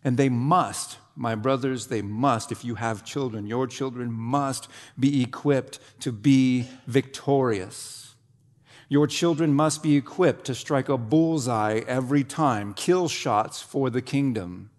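A man preaching a sermon, with dramatic pauses and sudden drops to a low, quiet voice. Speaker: pastor. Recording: long hall reverb.

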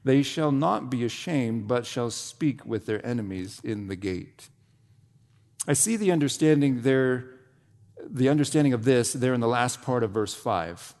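A male pastor delivering a sermon with deliberate, dramatic pacing. He lets phrases hang and then sinks to a low, hushed tone. His voice rings out with a long reverb, as in a church sanctuary. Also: animated. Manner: dramatic preaching with long pauses and sudden drops to a low quiet voice.

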